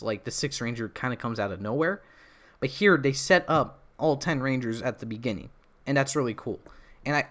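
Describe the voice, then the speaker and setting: A man's voice: medium pitch, fairly bright tone. A young man hosting a casual livestream, rambling through his opinions with lots of fillers, restarts and small laughs, his throat feeling a bit off. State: throat feels off. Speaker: livestream host.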